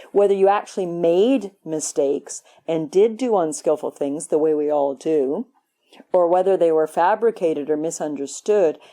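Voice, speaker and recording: At a retreat hall, a woman meditation teacher gives a conversational, playful dharma talk, acting out the voices she quotes. Her voice sits low and sounds warm.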